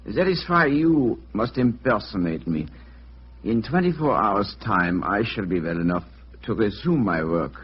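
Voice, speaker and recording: An actor playing an injured, bedridden German count with a German accent, speaking haltingly with many pauses, in 1940s radio acting. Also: male voice, on the low side, lively intonation, husky. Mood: grave. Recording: dull old radio recording.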